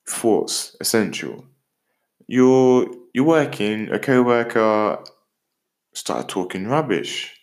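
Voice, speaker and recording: Man from Britain, podcast host, upbeat motivational delivery, playful asides, average pitch. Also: takes it slowly. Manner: animated, jokey, talks straight to the listener.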